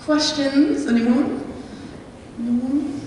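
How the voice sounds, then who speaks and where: A woman's voice: high-pitched, steady tone, drawn-out words, darkish tone, a little hiss or hum. A young woman, a guest speaker, telling a chatty story with many ums to a live audience. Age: young adult. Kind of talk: live talk with audience questions. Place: meeting hall. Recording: echoey hall from far off.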